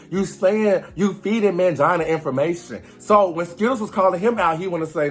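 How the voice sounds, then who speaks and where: A young man giving a lively, sassy recap of a reality show reunion, acting out the cast members' lines. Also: high voice, brisk, hardly any pauses, faint music behind. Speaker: commentary host.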